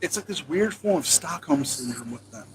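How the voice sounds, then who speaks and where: Lively man on a noisy mic. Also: a little high, normal speed. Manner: animated, emphatic. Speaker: content creator. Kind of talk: casual panel chat.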